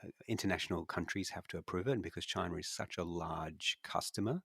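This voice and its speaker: Australian male co-host, deep gravelly voice, loose rambling analyst delivery. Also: fast, fairly bright tone, no room sound, studio quality. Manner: rambling, many restarts and fillers. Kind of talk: casual podcast discussion.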